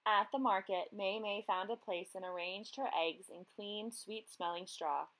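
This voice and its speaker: Woman teacher reading a picture book aloud; gentle, expressive, talks to young readers. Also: medium pitch, measured pace, low-quality recording. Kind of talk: children's story read-aloud.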